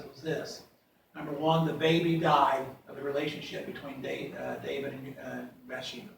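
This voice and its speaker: A preacher with a high, bright voice works through scripture in a sermon. He reads verses aloud, rising loud on the quoted cries and dropping to quiet asides. He is heard from well back in a very echoey church with a faint hum of room noise. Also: recorded from a distance. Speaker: pastor. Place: church sanctuary.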